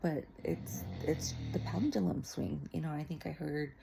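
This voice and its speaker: A woman's voice: deep voice, normal speed, creaky, music in the background. A woman talking in a casual, confessional vlog, rambling candidly with lots of "like" and "you know" and laughing easily. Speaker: faith and mental health vlogger.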